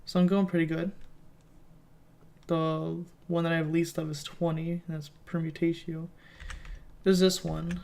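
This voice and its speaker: A man's voice: on the high side, little pitch movement, a little slow, vocal fry, long pauses, darkish tone. A man giving casual gameplay commentary as a let's play host, rambling and thinking aloud as he plays.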